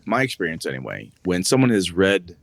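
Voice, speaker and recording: A man's voice: a little fast, creaky, dry recording. A man co-hosting a tabletop gaming podcast, chatting casually and acting out quotes from his players. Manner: animated, acts out quotes with rising pitch. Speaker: podcast co-host and game master.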